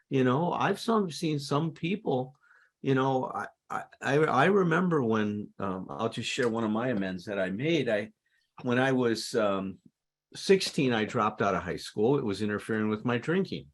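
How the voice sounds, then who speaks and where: Earnest man teaching about amends. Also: mid-range voice. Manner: earnest, acts out insincere apologies animatedly. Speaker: co-presenter of a recovery talk. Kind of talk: conversational teaching talk.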